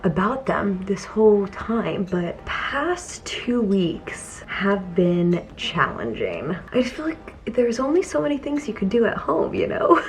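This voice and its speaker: A young woman talking casually to camera in a home vlog, chatty and laughing often, her voice sometimes dropping to a soft murmur. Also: medium pitch, sing-song, slow pace. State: teary from crying. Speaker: vlogger. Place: home, indoors.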